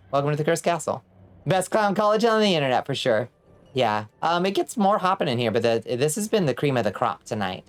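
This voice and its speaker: A woman chatting loosely with her viewers while she plays a game. She talks in a relaxed, casual way, then yelps and curses whenever the game turns on her. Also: sits low. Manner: excitable, screams and swears when in danger. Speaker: streamer. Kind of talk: casual gaming stream chat.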